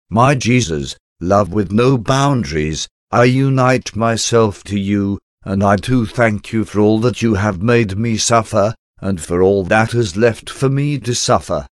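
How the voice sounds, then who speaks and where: A man giving a slow, solemn, reverent devotional prayer reading. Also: fairly low pitch, no room sound, studio quality. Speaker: devotional reader.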